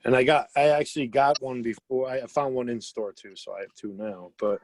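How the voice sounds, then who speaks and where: A man's voice: medium pitch, fairly even intonation, a little fast, a little mellow, no echo. A man in casual podcast chat, talking eagerly and rambling about his toy collection. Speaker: podcast co-host.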